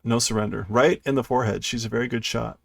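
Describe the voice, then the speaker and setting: A man's voice: medium pitch, steady tone, fast talker, vocal fry, dry recording. A man live-streaming a read-through of a manga, translating as he goes and thinking aloud, stumbling and correcting himself with light laughs at his own mistakes. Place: indoors at his computer.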